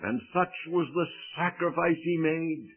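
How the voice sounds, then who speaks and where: A man preaching a sermon, dramatic, telling a story with quoted voices. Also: on the high side. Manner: dramatic, swings from slow to fast. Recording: tinny phone-like radio broadcast.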